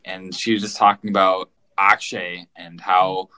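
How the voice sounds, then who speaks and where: A man with a low voice and a bright, forceful tone co-hosts a casual recap podcast. He rambles and repeats his words while he talks things through. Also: flat delivery, unhurried, clear, resonant tone, rough recording. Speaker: podcast co-host.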